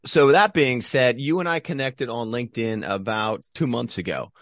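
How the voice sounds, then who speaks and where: A man hosting a podcast interview, upbeat and energetic, talking in a rambling casual way. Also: mid-range voice, moderate pace, no echo, highs cut off. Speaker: podcast host.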